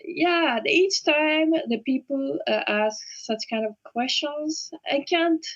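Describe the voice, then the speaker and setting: A woman whose first language is Japanese, speaking slowly and hesitantly with many fillers as an interview guest. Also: high voice, a bit bright, muffled recording. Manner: slow and hesitant, frequent fillers and restarts. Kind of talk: casual interview conversation.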